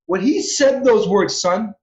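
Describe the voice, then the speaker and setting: A man's voice: high-pitched, animated, brisk, reverberant. A man in his forties from Southern California, a former pro baseball player telling his life story as an interview guest in an earnest, repetitive way, often restarting his phrases. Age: 40s. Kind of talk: heartfelt personal storytelling. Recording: dull lo-fi audio.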